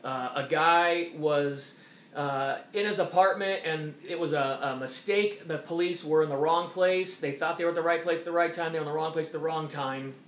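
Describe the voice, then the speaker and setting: At normal speed and with a slightly high voice, a man hosts an opinion monologue, pressing his points emphatically and saying them again. He mocks those he quotes, and the recording has an echoey room sound.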